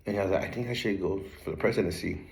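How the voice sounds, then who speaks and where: A young man with a slightly low voice tells his life story in a relaxed, casual way. His speech is loose and full of slang and casual cursing, like he's talking to a friend. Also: very fast, creaky. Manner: laid-back street slang, swears a lot, breaks into laughter. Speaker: channel host telling his life story.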